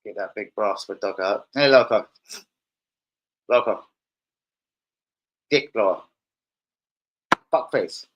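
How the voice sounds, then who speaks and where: A man's voice: lowish voice, slow, pauses often, dull audio. A man hosting a casual fan live stream, crude and rowdy, joking with his chat. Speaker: fan channel host. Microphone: streaming setup.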